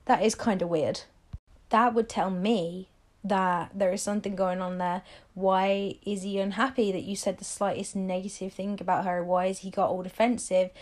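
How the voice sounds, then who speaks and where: A woman's voice: mid-range voice, level tone, normal speed. A young woman hosting a solo advice podcast, talking in a chatty, emphatic way and firing off rhetorical questions. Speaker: podcast host.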